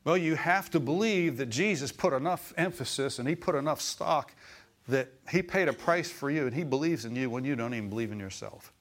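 A middle-aged man preaching a sermon in church, folksy and animated, chuckling often and calling out for amens. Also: medium pitch, a little fast.

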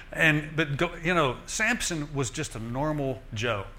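Lively male preacher, folksy, joking, bright tone. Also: on the high side, slow, slight background noise. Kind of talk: sermon.

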